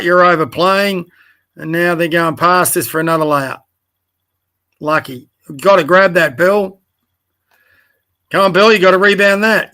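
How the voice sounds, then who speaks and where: A man's voice: high-pitched, bright, forceful tone. A man coaching youth basketball, reviewing game video in direct, corrective, encouraging talk and naming his players, tired late at night. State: tired, yawning. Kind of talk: casual video review commentary.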